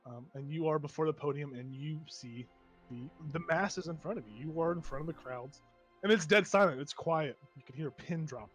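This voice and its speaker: A man's voice: fairly high pitch, fairly quick, fairly bright tone, faint music behind. A man narrating as game master of a tabletop game, rambling with amusement and plenty of fillers.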